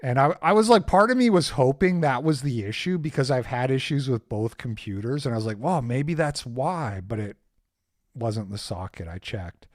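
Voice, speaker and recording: A man hosting a stream, telling a rambling story in a casual, animated way, swearing freely and poking fun at himself. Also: mid-range voice, normal speed, no echo, clean studio sound. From Canada. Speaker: streamer host.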